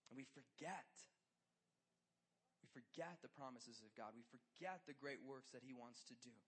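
A man preaching to a youth group in a conversational style, swinging between loud urgency and hushed closeness, with lots of "like". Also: mid-range voice, moderate pace, slightly rough. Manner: conversational, filler "like". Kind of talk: sermon.

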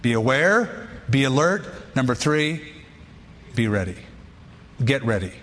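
A man's voice: medium pitch, sing-song, slow pace, a bit bright, slight background noise. Preaching man in a reverberant hall. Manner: emphatic, punchy preaching with short repeated lines. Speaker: pastor. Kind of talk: sermon.

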